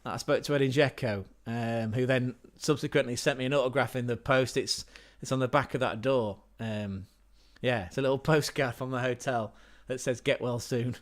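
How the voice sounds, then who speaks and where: A man's voice: medium pitch, steady tone, normal speed, few pauses. Chatty, sweary English man on a livestream. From England. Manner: swears freely, rambling anecdotes with laughs. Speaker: livestream host. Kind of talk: casual livestream storytelling.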